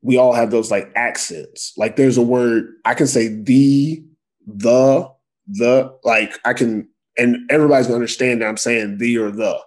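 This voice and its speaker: An American man talking casually in a podcast chat. He is relaxed and talkative, explains his points at length, and drops in easygoing slang. His pitch sits in a middle range for a man. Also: normal speed, hardly any pauses.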